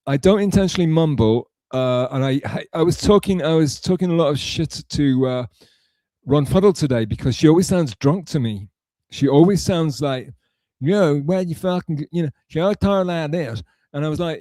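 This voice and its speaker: A man's voice: medium pitch, dark tone, no echo. A man streaming live, reading chat messages aloud and answering in a rambling, sarcastic way with many restarts.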